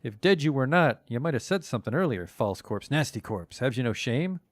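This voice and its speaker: A man's voice: medium pitch, animated, fairly quick, no room sound, natural voice. A man voicing an odd, muttering old woman who picks at corpses and talks to herself in childlike baby talk. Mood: scolding.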